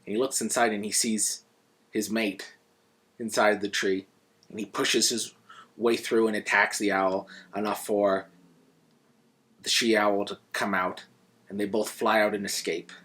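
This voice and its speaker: A man reviewing a book in a casual, conversational way and retelling the stories as he goes. His voice is low and husky, and he sometimes restarts a phrase mid-sentence. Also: flat delivery, a little slow, pauses often, a bit bright.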